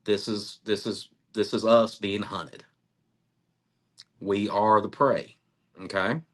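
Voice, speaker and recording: Low-voiced man telling a story. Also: takes it slowly. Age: middle-aged. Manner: animated storytelling, acts out quotes, laughs often. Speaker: interviewee, cryptid researcher. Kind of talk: storytelling interview.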